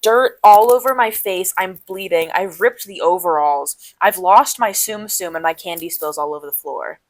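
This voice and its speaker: A young woman in college, co-hosting a podcast, telling a long personal story in a rambling, animated way with quick asides. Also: fairly low pitch, no echo. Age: young adult. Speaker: podcast co-host. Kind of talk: casual storytelling chat.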